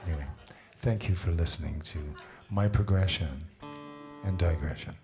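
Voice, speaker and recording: A man's voice: deep voice, normal speed, over loud music. A man, a singer-songwriter, telling a chuckling anecdote between songs at a live event.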